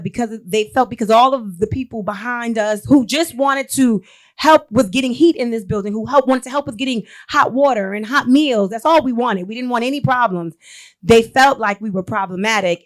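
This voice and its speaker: Animated, high-voiced woman storyteller. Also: moderate pace. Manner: animated storyteller acting out quotes. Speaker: guest. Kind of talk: casual chat.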